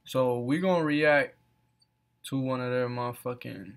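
A man's gravelly, mid-range voice holds a steady tone and moves a little slowly. Voicing a reaction video from off camera, he mocks the material with lots of profanity and regular laughter in a casual commentary.

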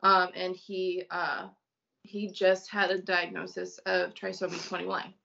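A woman from Illinois, a mother and podcast guest, telling a personal story slowly and haltingly with many ums. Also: on the low side, level tone, gravelly, pushed and bright, highs cut off.

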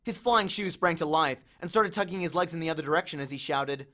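A man's voice: fairly high pitch, fast, few pauses. A man narrating a novel in the first person, reading expressively. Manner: expressive storytelling. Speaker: audiobook reader.

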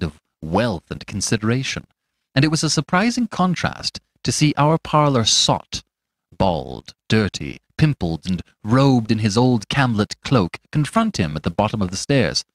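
A man who hosts a podcast, narrating a classic story in a scripted, expressive storytelling manner. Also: medium pitch, dry recording. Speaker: podcast host and audiobook narrator.

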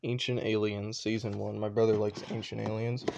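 A man's voice: on the low side, level tone, moderate pace, creaky, background noise. A young man casually talking through his shelves at home in a rambling, unsure way, full of offhand asides. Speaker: vlogger.

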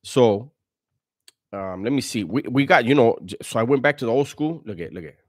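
A man's voice: medium pitch, expressive, normal speed, dry recording, studio quality. A man hosting a casual live stream, reading viewer comments aloud in a laid-back, slangy way and chuckling often.

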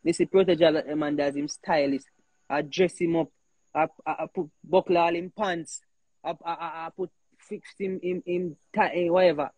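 A man's voice: on the high side, normal speed, husky, dry recording, poor audio. Emphatic Jamaican man, dry sound. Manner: animated, emphatic, repeats himself. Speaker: host. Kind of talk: heated casual talk.

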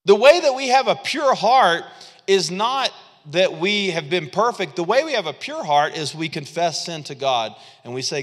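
A man preaching a sermon as pastor, animated and acting out quotes with frequent chuckles. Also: sits high, moderate pace. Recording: long hall reverb.

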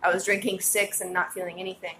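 A woman guest in casual chat, blunt and animated, swearing freely as she tells stories. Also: fairly low pitch, fast talker, slight background noise. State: buzzing on caffeine. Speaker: podcast guest. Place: New York.

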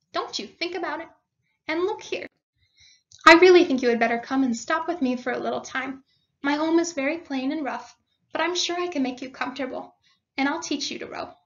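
A woman's voice: high-pitched, sharp tone, highs cut off, exaggerated voice. A woman voicing a kindly, cheerful male water rat in a storybook read-aloud, with a hearty, reassuring manner.

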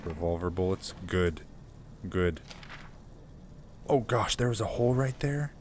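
A man's voice: on the low side, expressive, unhurried, long pauses, background noise. A man playing a survival horror game and commenting casually, chatty and jumpy, laughing nervously at the scares. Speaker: gaming YouTuber. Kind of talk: let's play commentary.

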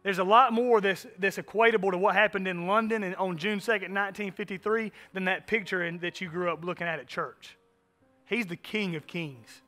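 A man delivers a sermon from the pulpit in a high, bright voice. He preaches conversationally, dropping rhetorical asides to the congregation, with faint music playing behind him. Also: steady tone, brisk. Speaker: pastor. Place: church sanctuary.

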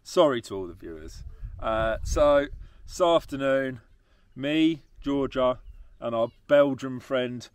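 A man's voice: mid-range voice, expressive, slow, clear, resonant tone, dry recording. A young man from England with an English accent, talking casually and laughing often as he speaks straight to his viewers. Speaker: travel vlogger. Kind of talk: casual vlog chat.

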